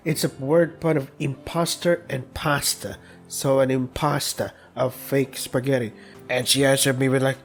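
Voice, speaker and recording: A man's voice: mid-range voice, steady tone, normal speed, creaky, soft background music. A man hosting a let's play who rambles through crude anecdotes in casual playthrough commentary and laughs at his own stories.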